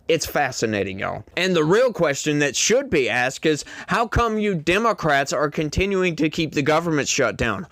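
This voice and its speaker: A man's voice: on the high side, big pitch swings, normal speed, few pauses, fairly bright tone, no echo, clean studio sound. A man giving a casual, sarcastic political commentary, rambling with lots of "like" and mock voices. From rural United States.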